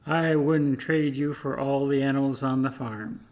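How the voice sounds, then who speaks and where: A man's voice: mid-range voice, fairly even intonation, unhurried, darkish tone, close to an everyday voice. A man voicing a tired farmer speaking tenderly to his puppy in a sermon story. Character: tired, loving farmer, warm to his dog.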